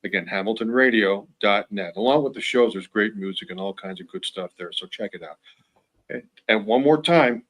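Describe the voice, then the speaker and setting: A man's voice: fairly low pitch, normal speed, a bit bright. A man hosting a radio drama show, giving an upbeat sign-off and repeating web addresses.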